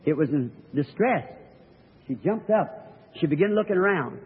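A man's voice: a little high, animated, normal speed. A man preaching, telling a story in a sermon with folksy rural grammar and earnest emphasis. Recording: old tinny recording of a reverberant hall.

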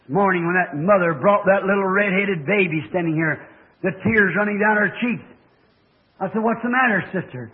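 A middle-aged man preaching a fervent revival sermon, shifting between hushed tones and shouting, heard on an old tape recording. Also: high voice, moderate pace, phone-quality sound. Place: church.

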